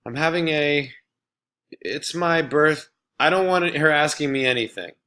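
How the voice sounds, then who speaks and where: A man reading a storybook aloud, voicing a prickly, hostile schoolboy who snaps and yells. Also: mid-range voice, sing-song, fairly quick, voice pushed up. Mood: snapping. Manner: snappish, shouting.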